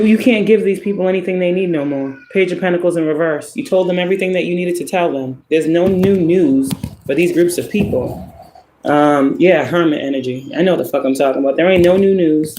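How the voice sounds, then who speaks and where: Brief: male tarot reader with a fairly high voice, blunt, swears a lot, laughs between points, echoey room. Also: brisk, darkish tone, a little hiss or hum. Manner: profane, emphatic, laughs often. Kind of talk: casual spoken tarot reading.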